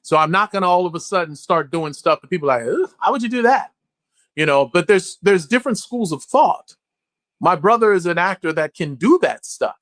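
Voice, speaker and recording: A man speaking as an actor in a candid interview, blunt and profane, telling stories in an animated way. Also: high-pitched, no echo.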